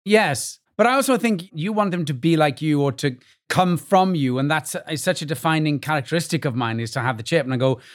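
A man's voice: on the high side, fairly quick, few pauses. A middle-aged Welsh man, a guest actor chatting on a podcast, telling stories and acting out voices in the quotes. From Wales. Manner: animated storyteller who acts out voices in quotes. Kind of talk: casual podcast chat.

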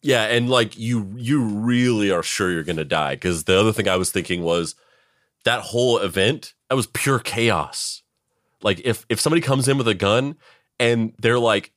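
A man co-hosting a podcast, chatting casually, laughing often and jumping up in pitch to act out quotes. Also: normal speed, a bit bright, dry recording, clean studio sound. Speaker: podcast co-host.

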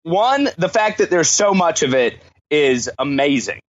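An American man chats as a podcast guest, making fun of himself and laughing often. His voice is high for a man and comes through dull and lo-fi. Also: big pitch swings, a little slow. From United States. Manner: playful, self-deprecating, laughs often. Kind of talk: casual podcast chat.

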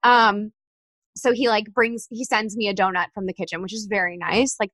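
A woman's voice: mid-range voice, moderate pace, no echo. A young woman telling a dating story in casual chat, acting out the texts she got and sent. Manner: animated storyteller, acts out texts in quoted voices.

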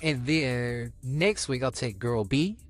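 A man's voice: mid-range voice, expressive, takes it slowly. A young man co-hosting a podcast, talking candidly and rambling in casual chat. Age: young adult. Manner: candid, rambling, restarts often. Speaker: podcast co-host.

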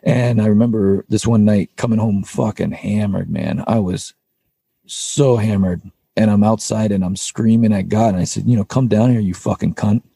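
A man's voice: on the low side, moderate pace, vocal fry, mellow, slightly rough, no room sound. A man, a podcast guest, candidly telling a personal story in an earnest, rambling way, with frequent restarts. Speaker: podcast guest, band vocalist.

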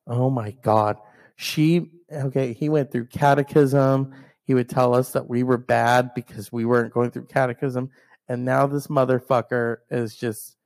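Man, gravelly voice, dark tone, profane ranting storyteller, solo podcast monologue. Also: mid-range voice. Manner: animated storyteller who acts out others' lines.

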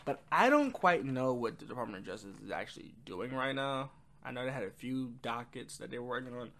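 A man's voice: mid-range voice, expressive, brisk, vocal fry, fairly bright tone. A man casually reviewing an album, rambling with frequent ums and quoting lyrics. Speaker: music reviewer.

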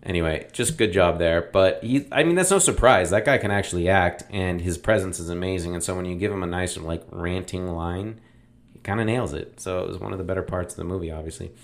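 A man's voice: low voice, a little fast. A man hosting a casual movie review, talking in a rambling, opinionated way with lots of fillers. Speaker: podcast host reviewing films.

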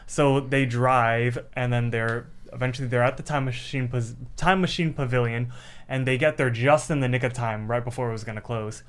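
A man's voice: mid-range voice, steady tone, normal speed, clear, resonant tone. Young adult male podcast co-host, easygoing recap delivery, loose and chatty, lots of ums and likes, mid-range voice. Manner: rambling recap with many fillers and acted-out quotes. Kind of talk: casual chat recapping an episode.

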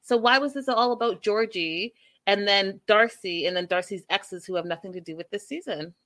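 A woman's voice: mid-range voice, moderate pace. A woman giving a casual, gossipy recap of a reality show, acting out what the cast said and reacting with exasperation. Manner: gossipy, animated, acts out quotes.

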